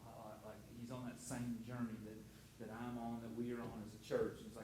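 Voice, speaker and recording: A man's voice: mid-range voice, monotone, a little fast, mellow, echoey room, slight background noise, low-quality recording. A middle-aged man preaching a sermon, telling stories in a conversational way, full of restarts and asides. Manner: storytelling, conversational with many restarts. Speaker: pastor.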